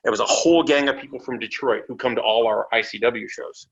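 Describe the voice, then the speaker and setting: A bright, forceful man's voice from Canada, telling stories in an animated, casual manner and throwing in plenty of swearing as he acts out old conversations. The audio is dull and lo-fi, with a faint hiss underneath. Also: mid-range voice, fast talker, gravelly. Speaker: wrestler guest. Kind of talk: casual storytelling interview.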